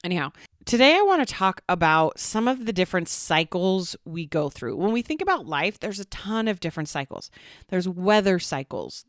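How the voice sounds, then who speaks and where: Podcast host: woman, 30s, lowish voice, chatty and upbeat, dry close mic. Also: no echo. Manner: chatty and upbeat, laughs often. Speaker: podcast host and work coach. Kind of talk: casual podcast monologue.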